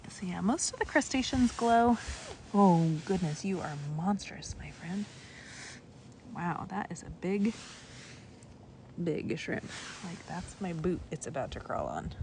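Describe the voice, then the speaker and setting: A woman giving live-streamed commentary on a night beach walk, bubbly and excitable as she points out sea creatures outdoors. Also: fairly low pitch, unhurried, long pauses, a little hiss or hum. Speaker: naturalist guide on a live stream.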